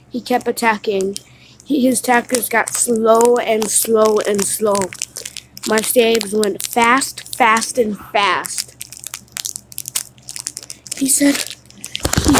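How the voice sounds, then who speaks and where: A woman casually retelling a dream, slow and halting, with restarts. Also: on the high side, a little hiss or hum, low-quality recording. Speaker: storyteller.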